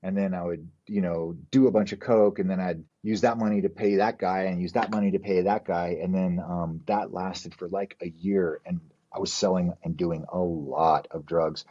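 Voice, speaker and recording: A man from New Mexico, a podcast guest, tells a story in a low, husky, mellow voice. He rambles and swears, leaning on "like" and "you know." The recording sounds slightly dull and muffled. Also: steady tone, moderate pace, few pauses. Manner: acts out quoted people in his story. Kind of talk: casual storytelling.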